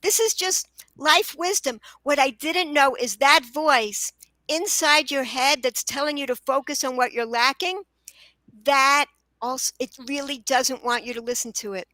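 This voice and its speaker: A woman's voice: sits high, measured pace, dry recording, poor audio. A middle-aged woman, a children's book author, talking earnestly as a podcast guest and sometimes tripping over her words in eagerness. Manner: earnest, stumbles and restarts when excited. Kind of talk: podcast interview.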